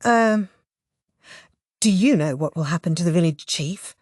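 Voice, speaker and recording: Woman voicing a gentle young village woman. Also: fairly low pitch, animated, a little slow, no echo, clean studio sound.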